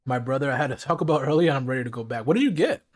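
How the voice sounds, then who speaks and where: A man's voice: medium pitch, rapid-fire. Slangy man chatting while eating on stream. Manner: relaxed slangy chat, talking while eating. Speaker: livestreamer. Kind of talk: casual just-chatting livestream. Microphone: streaming mic with noise gate and filters.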